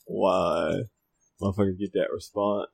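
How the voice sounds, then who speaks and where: Man, low gravelly raspy voice, dry close sound, lively swings in pitch, teasing and opinionated. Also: a little slow, dry recording. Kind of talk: casual chat.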